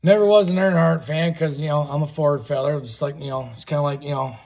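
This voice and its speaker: Husky, folksy man chatting on a livestream. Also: a little high, steady tone, brisk, darkish tone. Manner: rambling, folksy, swears casually. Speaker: livestream host. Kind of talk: casual livestream chat.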